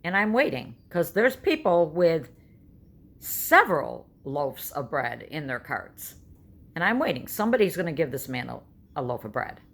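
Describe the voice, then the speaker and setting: In a casual home vlog, a New York State woman in her 60s chats and tells stories bluntly and emphatically. She speaks at a moderate pace in a low-pitched, fairly bright voice with big pitch swings.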